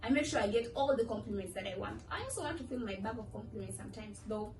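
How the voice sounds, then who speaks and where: A woman's voice: mid-range voice, fast talker. A young woman vlogging in a chatty, playful way, acting out quoted voices as she talks. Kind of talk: casual talk to camera. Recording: echoey room from far off with faint music.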